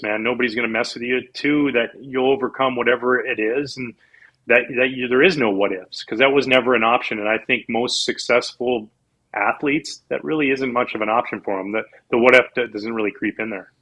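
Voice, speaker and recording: Ex-pro athlete guest, 40s, husky, animated storyteller. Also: male voice, mid-range voice, fairly quick, rough recording. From Canada. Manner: animated storyteller, acts out quoted people. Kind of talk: casual storytelling interview.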